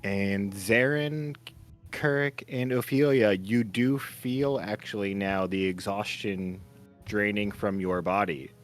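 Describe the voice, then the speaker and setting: Brief: unhurried man running a tabletop session, lowish voice, faint music behind. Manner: relaxed, filler-heavy narration with laughs. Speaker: game master. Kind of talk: narrating a tabletop game.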